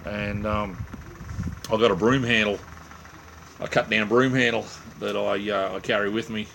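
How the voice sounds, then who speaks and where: A lowish, fairly bright voice with vocal fry and fairly even intonation, moving at a moderate pace over a little hiss or hum. He's an Australian hosting a late-night stream on little sleep, chatting in a rambling, laid-back way loaded with "mate," "um," slang, and fillers.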